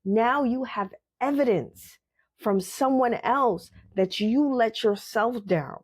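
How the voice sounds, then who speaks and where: A woman's voice: on the high side, slow pace, husky. Blunt woman giving a motivational talk. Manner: blunt, emphatic, repeats phrases, swears casually. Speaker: podcast host. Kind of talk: motivational monologue.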